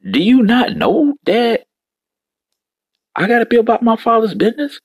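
A man voicing a young boy who calmly questions why his parents searched for him. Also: very high-pitched, unhurried, husky, voice pushed up, full character voice. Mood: puzzled. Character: young boy, calm and sure of his calling.

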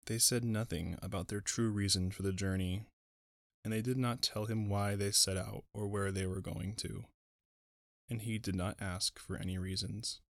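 Deep, gravelly male audiobook narrator. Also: a bit bright, no room sound, clean studio sound. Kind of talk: scripted narration.

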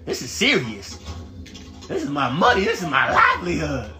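A man calls out a shooter game on a live stream, cursing at his teammates and jumping into shouts. His voice sits high and swings widely in pitch. The sound bounces around an echoey room. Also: moderate pace, soft background music. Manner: profane, trash-talking teammates; excitable, bursts into shouting. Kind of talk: live gameplay commentary.

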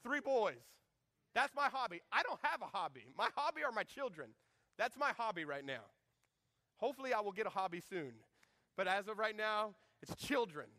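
High bright-voiced guy preaching a sermon, jokey, does little voices for quotes. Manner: animated, jokey, acts out quotes in shifting voices. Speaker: pastor.

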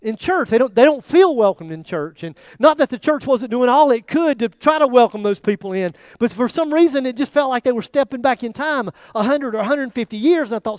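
A man preaches with a high, light voice, telling a personal story. His delivery rises to loud emphasis and drops almost to a murmur. The sound is dry and close. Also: a little fast, dry recording. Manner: animated storytelling, voice rising and dropping to near quiet. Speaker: pastor. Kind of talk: sermon.

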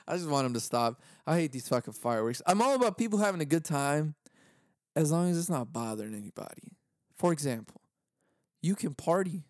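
A man's voice: fairly high pitch, animated, moderate pace, darkish tone, dry recording, clean studio sound. A young man with a Californian accent, talking in a solo comedic rant, swearing freely and laughing often. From Southern California. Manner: profane, laughs often, acts out quoted voices. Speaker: podcast host.

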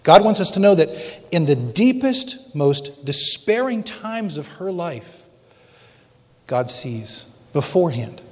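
A man's voice: on the high side, sing-song. Man preaching in a big echoing hall. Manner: dramatic preaching, slows down for emphasis. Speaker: pastor. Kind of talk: sermon. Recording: long reverb of a large hall.

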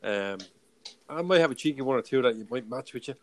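A man hosting a casual podcast chat, chatty and quick to laugh. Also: medium pitch, expressive, slight background noise. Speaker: podcast host.

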